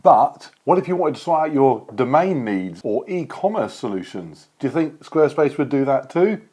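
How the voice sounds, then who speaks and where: Male vlog host, mid-pitched voice, jokey chatty delivery, for a food taste-test. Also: sing-song, normal speed, dark tone, husky. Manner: playful, chatty, joking. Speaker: vlogger host.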